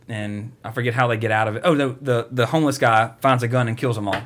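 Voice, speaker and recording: A man's voice: medium pitch, fairly even intonation, fast talker, few pauses, a bit bright. Rambling, profane man recapping a movie. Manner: rambling, profane, mocking storyteller. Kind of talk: casual movie recap chat.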